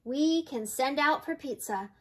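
A woman's voice: high voice, animated, measured pace. An older woman voicing an easygoing, fun-loving grandmother in a read-aloud storybook, breezy and carefree.

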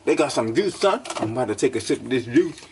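A young man playing an excitable burglar with a squeaky voice, full of slangy exclamations in a comedy skit. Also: fast, slight background noise, lightly acted. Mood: gleeful. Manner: gleeful exclamations, slangy street talk. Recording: roomy and far from the mic.

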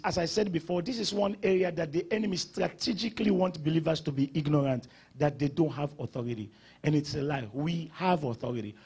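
A man preaching a church sermon in a husky, high voice. He swings from shouted declarations down to low, quiet asides, and his pitch leaps high on the emphasized words. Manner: preaching with sudden loud rises and drops. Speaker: pastor.

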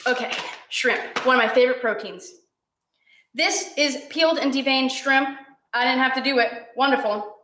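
A woman's voice: high voice, a bit bright, roomy sound, slight background noise. A young woman hosting a live-streamed cooking class, chatty and encouraging with her viewers, teary and sniffly from cutting onions.

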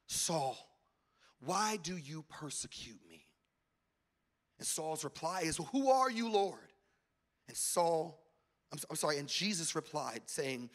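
A man's voice: on the high side, fairly bright tone. A man preaching a sermon as a pastor in a church, calling out to the congregation and building to emphatic peaks. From American South. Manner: preaching with call-outs and rising emphasis. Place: church auditorium.

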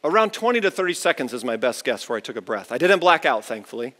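A pastor preaching a chapel sermon, telling a story with big swings between loud, high bursts and quiet, low asides. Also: male voice, fast talker. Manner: animated storyteller with wide swings in pitch and loudness. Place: large university chapel. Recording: long reverb of a large hall.

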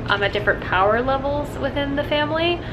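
A woman's voice: high voice, animated, quick pace. Chatty young woman vlogging at home. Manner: chatty, upbeat, filler-heavy. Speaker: booktube vlogger. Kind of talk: casual vlog chat. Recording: faint background noise.

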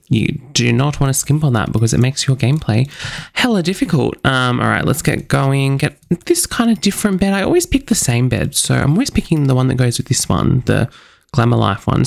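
A man's voice: mid-range voice, gravelly. A young man chatting casually in a bubbly, chatty, self-mocking way while he narrates his gameplay. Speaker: gaming channel host.

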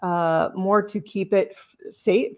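A woman's voice: mid-range voice, fairly even intonation, slow. A woman hosting a casual cheese tasting chat, explaining each cheese with many fillers and self-corrections. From lives in Sicily. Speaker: cheese box host.

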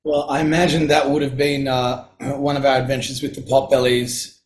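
A middle-aged man, a guest telling casual anecdotes in a relaxed, chatty way and often clearing his throat. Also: mid-range voice, normal speed, poor audio. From Australia. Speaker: guest, singer-songwriter.

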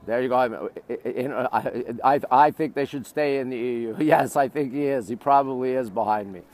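A man's voice: medium pitch, moderate pace, a little mellow. Man live-streaming a sightseeing tour outdoors. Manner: greets viewers by place, points out sights. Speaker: livestream host. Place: outdoors on a riverbank. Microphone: phone livestream.

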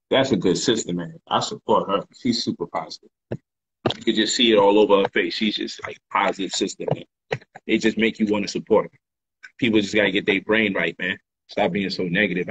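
A man's voice: lowish voice, fairly bright tone, husky, dull audio. A man hosting a casual livestream monologue, emphatic and repetitive in his talk, full of slang. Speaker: livestream host and author.

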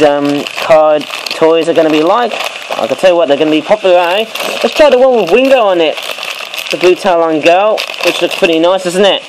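A man reviewing homemade toy cards at home late at night, rambling with many fillers and sudden excited outbursts. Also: a little high, a little hiss or hum, rough recording. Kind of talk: casual toy review vlog.

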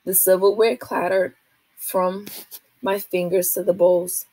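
A woman, a teacher, reading a children's novel aloud to a class in a steady, expressive way. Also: lowish voice, slow, no room sound.

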